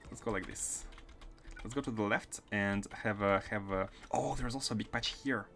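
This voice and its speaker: Lowish man with a French-Russian accent. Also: normal speed, creaky, fairly bright tone. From France. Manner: thinks aloud while planning builds and answering chat. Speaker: game streamer. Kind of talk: live gameplay commentary.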